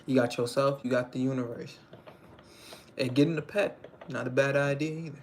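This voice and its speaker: A young man hosts a casual livestream in a mid-range voice with fairly even intonation and a moderate pace. He rambles in slang and keeps checking in with viewers, often asking "you know what I'm saying." Background noise is present.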